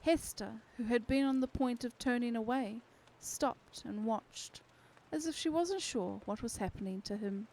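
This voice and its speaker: A woman narrating a novel aloud for a live stream audience. Her delivery is slow and steady, with a slightly high voice and expressive phrasing. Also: rough recording. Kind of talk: unhurried storybook reading.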